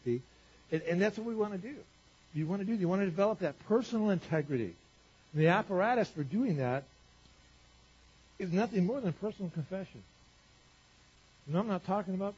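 Husky-voiced male preacher, lo-fi recording. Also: sits high, big pitch swings, a little fast, pauses often. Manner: conversational preaching, rhetorical questions, swings from loud to quiet. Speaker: pastor. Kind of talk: sermon. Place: church. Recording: dull lo-fi church recording.

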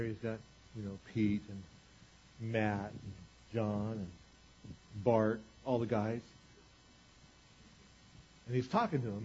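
A man preaching a sermon, retelling a scripture story in casual everyday paraphrase, swinging between loud emphasis and quiet asides. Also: mid-range voice, muffled recording, a little hiss or hum. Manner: conversational, retells scripture in casual paraphrase, varies loudness widely. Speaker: pastor.

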